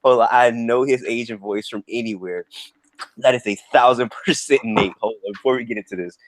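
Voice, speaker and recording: A man's voice: mid-range voice, brisk, no room sound. A man hosting a livestream in a laid-back, joking, slangy way. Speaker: livestream host. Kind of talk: casual livestream chat.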